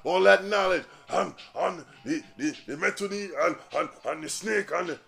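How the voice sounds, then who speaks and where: A man hosting a podcast, ranting casually in profane, animated street slang. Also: high voice, normal speed, vocal fry, faint music behind. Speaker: podcast host. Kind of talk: casual rant.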